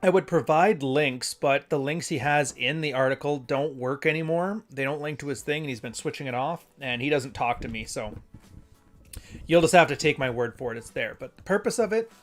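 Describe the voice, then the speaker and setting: A man's voice: medium pitch, moderate pace, faint music behind. A man hosting a casual solo show, talking in a loose, rambling way and reading passages aloud. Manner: rambling, conversational, self-correcting. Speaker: podcast host.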